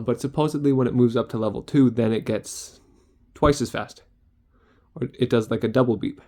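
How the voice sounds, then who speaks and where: A man's voice: mid-range voice, a little mellow. A young man, a student care worker, chatting casually in a vlog diary, rambling and acting out sounds.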